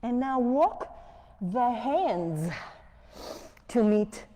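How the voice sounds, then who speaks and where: Mellow-voiced woman guiding yoga, echoing hall. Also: fairly high pitch, expressive, drawn-out words. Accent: non-native English accent. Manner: gentle step-by-step cueing with breath reminders. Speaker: yoga instructor. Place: yoga studio. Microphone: wearing a mic. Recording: long echo of a studio hall.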